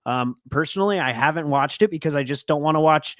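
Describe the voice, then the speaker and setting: A man's voice: on the high side, quick pace, fairly bright tone, no room sound, clean studio sound. A man co-hosting a casual sports podcast, talking earnestly and often trailing off mid-thought. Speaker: podcast co-host.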